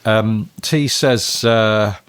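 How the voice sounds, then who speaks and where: A man's voice: fairly low pitch, drawn-out words, a bit bright, smooth, dry recording. A man co-hosting a podcast, reading a listener's email aloud and telling the story with frequent laughs. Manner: chatty storyteller, laughs often. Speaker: podcast co-host.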